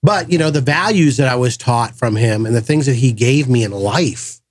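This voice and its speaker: A man hosting a podcast, telling a personal story in a casual, animated way and acting out the voices of the people in it. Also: mid-range voice, moderate pace, slightly rough, no room sound. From grew up in the projects. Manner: animated storyteller, acts out quoted voices, frequent restarts. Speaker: podcast host.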